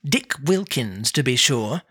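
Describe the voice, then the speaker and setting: Narrator doing old miser scrooge, soft slow storybook voice, dry bright sound. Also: medium pitch, lively intonation, slightly rough, exaggerated voice. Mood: fond.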